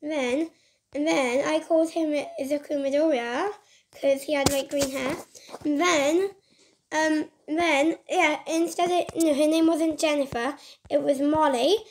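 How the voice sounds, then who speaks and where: High-voiced woman rambling through a story. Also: fairly even intonation, measured pace, slight background noise. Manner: rambling, scattered retelling. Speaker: gaming vlogger. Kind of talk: casual storytelling over screen recording. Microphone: phone mic.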